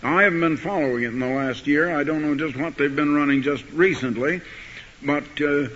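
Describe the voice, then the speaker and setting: A man preaching a sermon, telling a story and reading scripture, building to forceful emphasis on key words. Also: fairly high pitch, brisk, a little hiss or hum. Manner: rising to forceful emphasis when quoting scripture. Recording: dull archival recording in a hall.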